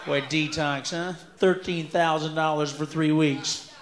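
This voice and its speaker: A man with a high, strained voice rants through a stand-up set, cursing freely and jumping into sudden shouts. The sound is live and echoey, with steady room noise from the venue around him. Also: unhurried. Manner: loud, profane, bursts into shouting. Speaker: stand-up comedian. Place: live comedy stage.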